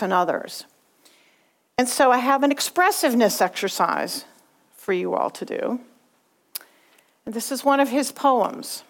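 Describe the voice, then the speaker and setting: A middle-aged woman from Southern California giving a class clear, patient instructions. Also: medium pitch. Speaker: teacher.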